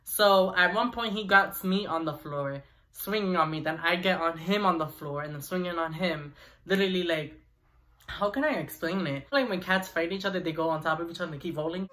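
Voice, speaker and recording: A young man vlogger telling a personal story in an animated, chatty way with asides to viewers. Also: sits high, a little fast, slight background noise. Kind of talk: storytime vlog.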